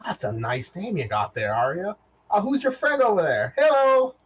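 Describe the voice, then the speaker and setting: A man voicing a cheerful, folksy male robot who runs a trivia game, in a high, bouncy voice full of old-fashioned exclamations. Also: very animated, moderate pace. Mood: friendly. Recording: dull lo-fi mic.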